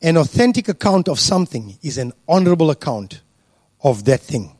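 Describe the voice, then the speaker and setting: A man's voice: fairly high pitch, very animated, a little mellow, breathy edge, no room sound. Man preaching with a dry close sound. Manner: deliberate, with frequent fillers and restarts. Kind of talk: sermon.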